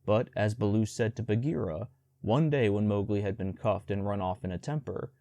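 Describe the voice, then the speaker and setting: A man narrating a storybook audiobook in a measured, even storytelling manner. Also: fairly low pitch, dry recording, clean studio sound.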